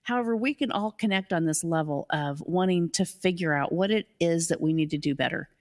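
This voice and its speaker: A woman's voice: fairly low pitch, fairly quick. A woman hosting a casual live stream on leadership, upbeat and enthusiastic and often laughing.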